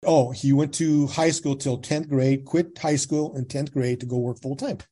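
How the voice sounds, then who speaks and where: His medium-pitched voice is slightly rough and moderately paced. The California man in his sixties, a podcast guest, shares his story in casual, plain speech and animatedly acts out the dialogue of others.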